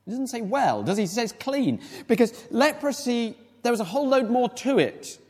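A male preacher with a high, animated voice that climbs and drops freely, walking through scripture in a chatty, questioning way. His words ring out with a long reverb, as in a large church hall. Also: moderate pace, slightly rough. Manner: conversational Bible exposition with rhetorical questions. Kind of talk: sermon.

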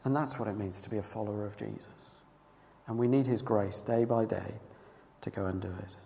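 A man's voice: fairly low pitch, fairly even intonation, a little fast, creaky. Man preaching in a reverberant hall. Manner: emphatic, swings from loud cries to hushed, earnest tones. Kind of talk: sermon.

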